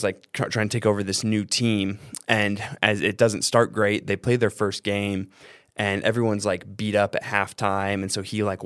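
Casual low-voiced man, rambling podcast chat. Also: a bit bright, dry recording, clean studio sound. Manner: rambling, filler-heavy, with many restarts and "like"s. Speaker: podcast host. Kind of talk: casual storytelling monologue.

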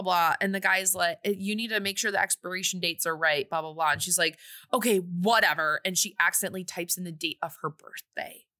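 A woman co-hosting a podcast, casually recapping a movie plot in a chatty, animated way with quoted asides. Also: mid-range voice. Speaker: podcast co-host.

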